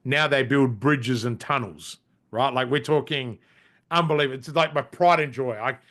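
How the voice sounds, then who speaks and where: Medium-pitched and fairly bright, this Australian man in middle age speaks at a moderate pace while recounting business stories as a podcast guest. He's blunt and casual, with frequent curses and restarts.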